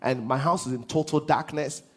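Male pastor, sermon, husky voice, fairly high pitch, hushed to half-sung shouts. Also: steady tone, moderate pace.

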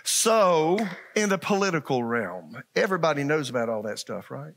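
A middle-aged man preaches with a gravelly, slightly high voice. He keeps the congregation engaged with questions and acts out the people in his stories. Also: big pitch swings, normal speed, fairly bright tone. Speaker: pastor. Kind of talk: sermon.

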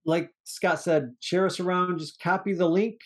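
Chatting casually about an old movie, this podcast co-host rambles in an animated way and curses now and then. He has a high voice and keeps a moderate pace.

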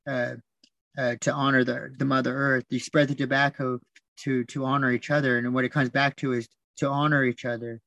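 A man talking as a podcast guest, telling stories in a soft, reflective way, repeating words and restarting often. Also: mid-range voice, little pitch movement, brisk, gravelly, dry recording, lo-fi sound. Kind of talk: reflective storytelling.

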